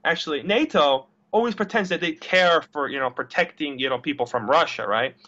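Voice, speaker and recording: A man's voice: a little high, brisk, sharp tone. A young man in a casual interview, rambling and blunt, who swears and repeats his words. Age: young adult. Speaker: interview guest. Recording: dull lo-fi recording.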